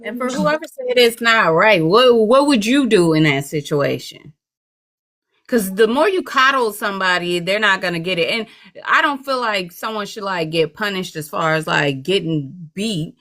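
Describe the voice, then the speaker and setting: A woman co-hosting a casual talk show, speaking calmly and putting questions to the listeners. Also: medium pitch, normal speed. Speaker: show co-host.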